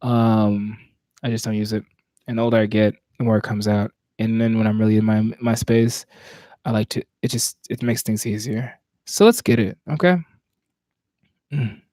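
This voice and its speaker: Southern guy from virginia, poet rambling casual between poems, soft mellow tone, dry close sound. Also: fairly low pitch, steady tone, normal speed, dry recording. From Virginia, USA. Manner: reflective, searching, speaks in broken restarts. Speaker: spoken word poet. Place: home, at night.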